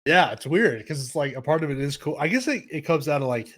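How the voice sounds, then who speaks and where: A man's voice: a little high, animated, quick pace, fairly bright tone. A young adult man, a podcast guest, chatting casually and rambling with many fillers and restarts.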